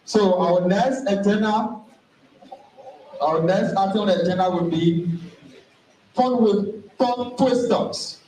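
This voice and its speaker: Slow, formal male emcee, high voice, distant mic in a reverberant hall. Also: warm tone, slight background noise. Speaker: master of ceremonies. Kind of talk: announcing a ceremony program. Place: large indoor hall at a university ceremony. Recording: echoey hall, voice from far off.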